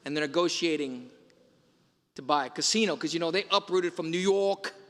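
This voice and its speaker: A man's voice: fairly high pitch, moderate pace, a bit bright. A man, a priest, giving a Sunday homily and retelling film scenes with quoted lines. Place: large church. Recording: long church reverb.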